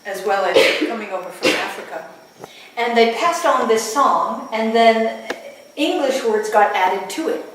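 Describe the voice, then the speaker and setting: A woman's voice: a little high, a little slow. A woman in her sixties, a midwife, telling stories at a workshop and laughing often. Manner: laughs often, lively storyteller. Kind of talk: storytelling talk at a workshop. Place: room at a workshop with listeners. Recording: very echoey room, distant mic, noisy.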